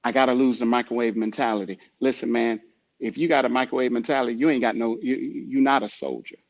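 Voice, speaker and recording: A man gives a motivational podcast talk, speaking straight at the listener in a preachy, repetitive way. His voice sits at a middle pitch. The recording sounds dull and lo-fi. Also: steady tone, quick pace. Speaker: podcast host.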